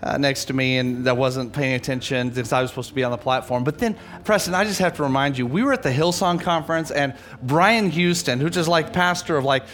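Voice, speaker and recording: Leading his church from the platform before introducing a guest speaker, a pastor energetically rallies the congregation to read aloud. His voice is medium-pitched, a little fast, with few pauses.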